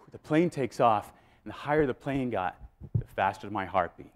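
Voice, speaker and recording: A man giving a motivational keynote speech, telling a story with lively re-enactments to a live audience. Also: medium pitch, fairly quick. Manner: animated, acts out scenes and voices. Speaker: keynote speaker. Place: live event before an audience.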